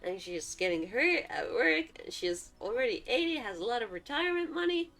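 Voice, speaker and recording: Lively woman streamer reading a visual novel. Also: a little high, brisk. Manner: chatty, laughing asides. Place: home streaming setup. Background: faint background music.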